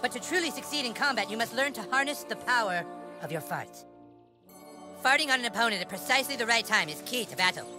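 A man's voice: extremely high pitch, animated, fast talker. An actor playing a crude, bossy young boy acting as a mock-solemn fantasy mentor in a video game. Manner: mock-solemn, foul-mouthed. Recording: game audio with loud music.

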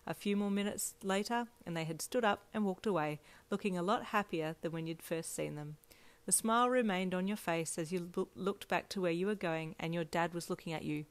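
Una donna legge una storia in seconda persona con un ritmo gentile e regolare. La sua voce è piuttosto grave e la registrazione è secca e ravvicinata, senza riverbero della stanza. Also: female voice, lowish voice, fairly quick, no room sound. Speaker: fanfiction narrator. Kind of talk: second-person story narration.

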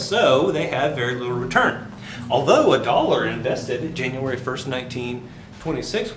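A man giving a university finance lecture, telling jokey stories and quizzing the class. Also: medium pitch. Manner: joking, storytelling, asks the class questions. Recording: echoey classroom with faint hiss.

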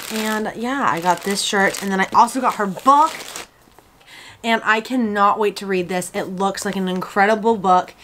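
A woman's voice: mid-range voice, a bit bright. A young woman chatting in a casual vlog, gushing and emotional, close to tears. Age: young adult. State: tearful. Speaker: vlogger.

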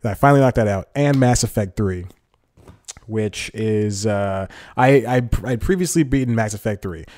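Rambling low-voiced man, dry close sound. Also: lively intonation, normal speed, darkish tone, dry recording. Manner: rambling, self-interrupting, laughs often. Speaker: podcast host. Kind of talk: casual solo comedy chat. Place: home room, talking to a camera.

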